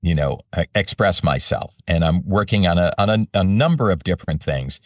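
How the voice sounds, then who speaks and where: An older man, a voice-over artist, telling animated stories in a casual interview. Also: low voice, brisk, no echo, clean studio sound, far from the mic.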